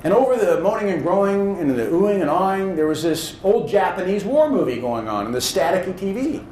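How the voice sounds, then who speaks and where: A public speaking champion from Indiana, USA, a man in his thirties, delivers a motivational speech to an audience in a hall, telling stories that build to emphatic points. His high, sing-song voice is brisk and darkish, with hardly any pauses. The recording has roomy hall echo and faint noise.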